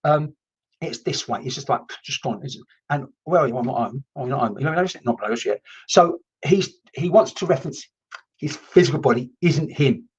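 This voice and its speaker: A man's voice: fairly high pitch, moderate pace, husky, lo-fi sound. A man working as a medium in a live-streamed session, who talks in a rambling, chatty way with many restarts and some mild swearing. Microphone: computer mic.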